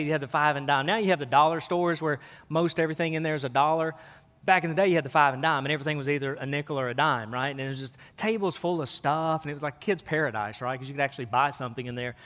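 A man in his forties preaches in a relaxed, storytelling way, leaning on asides to his congregation. His voice sits high for a man. The sound rings through a church hall with a long echo. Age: 40s. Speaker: pastor. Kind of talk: sermon. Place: church sanctuary. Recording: sermon in a hall with long reverb.

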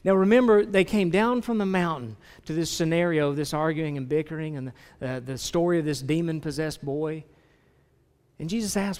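In a large hall with long reverb, a man preaches to his congregation in a conversational way, asking them questions outright and often restarting what he's saying. He's a pastor with a fairly high-pitched, darkish-toned voice.

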